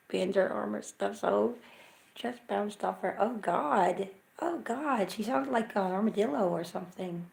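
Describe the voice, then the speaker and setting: A woman hosting a laid-back livestream, talking in a chatty, self-mocking way and often muttering to herself. Her voice has a gravelly, fry-tinged edge. The sound carries a noticeable room echo. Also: mid-range voice, slow pace, long pauses, darkish tone. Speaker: livestream host. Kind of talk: casual live chat. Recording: echoey room.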